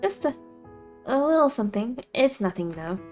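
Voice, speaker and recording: A woman's voice: mid-range voice, animated, a little fast, soft background music, lightly acted. A woman reading a visual novel aloud, voicing a shy young woman with a dry, teasing wit and sheepish manner.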